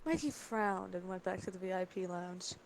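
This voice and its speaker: A woman's voice: lowish voice, moderate pace, gravelly, a little hiss or hum, low-quality recording. Young woman stumbling through a silly story. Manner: stumbling, laughing reading. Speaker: reader. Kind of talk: comedic dramatic reading.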